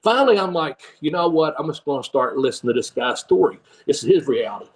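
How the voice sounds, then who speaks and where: A man's voice: a little high, lively intonation, quick pace, distant mic, poor audio. An older man, rambling through a story in a casual interview, laughing often and acting out the people he quotes. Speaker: guest, former pro wrestler and trainer.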